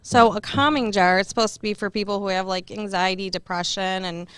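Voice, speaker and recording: Woman, young adult, guest on a live chat show, easygoing and giggly, filler words, smooth clear voice, dry sound. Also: medium pitch, steady tone, a little fast, fairly bright tone, dry recording. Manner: easygoing, giggly, lots of "like" and "you know". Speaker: guest and upcoming show host. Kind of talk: casual chat.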